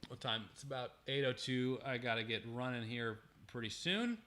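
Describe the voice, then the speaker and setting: A man's voice: medium pitch, moderate pace, pushed and bright, a little hiss or hum. A young man hosting a casual livestream, gratefully reading viewer messages aloud with frequent restarts. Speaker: livestream host.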